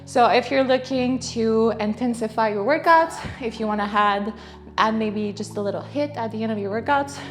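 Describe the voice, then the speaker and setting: A woman's voice: fairly high pitch, moderate pace, soft background music. Chatty young woman vlogging a workout. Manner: chatty, with fillers and small laughs. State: out of breath at times. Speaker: fitness vlogger. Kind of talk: casual talk to camera. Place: home garage gym.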